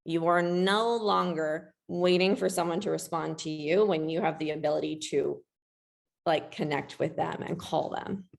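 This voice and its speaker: A woman's voice: sits low, steady tone, normal speed, gravelly. A woman presenting a webinar in a chatty, self-deprecating way, with a ready laugh.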